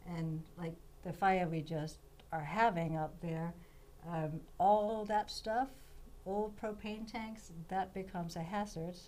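A woman's voice: on the low side, steady tone, slow, darkish tone. A woman in her fifties from Denmark, a guest on a radio show, telling her story in an earnest way. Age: 50s. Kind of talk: casual radio interview.

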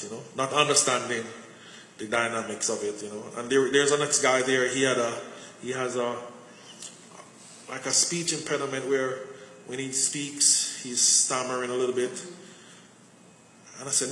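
A man's voice: medium pitch, fairly even intonation, moderate pace, sharp tone. A man preaching a conversational sermon full of personal stories, often repeating words as he searches for them. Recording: echoey hall with faint noise.

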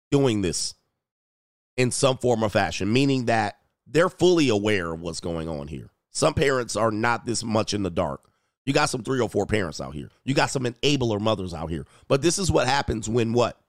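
A man's voice: mid-range voice, dry recording, clean studio sound. Blunt, mocking male commentary host. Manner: blunt, mocking, repeats phrases for emphasis. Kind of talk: reaction commentary on a video clip.

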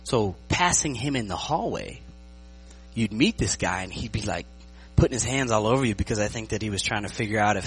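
A man's voice: on the low side, a little fast, faint music behind, low-quality recording. A man preaching a sermon as pastor, joking and often checking that his listeners are following him. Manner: lively, joking, checks in with the audience.

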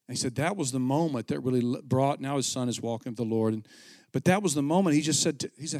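A middle-aged man, a pastor, preaching a conversational sermon with animated storytelling and frequent restarts. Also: mid-range voice, a little fast, no echo, studio quality.

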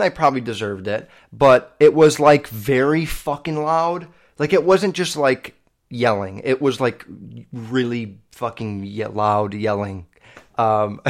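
A man in his twenties hosting a podcast, telling personal stories in a loose, profane, filler-heavy way. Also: medium pitch. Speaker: podcast host. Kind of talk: casual storytelling monologue.

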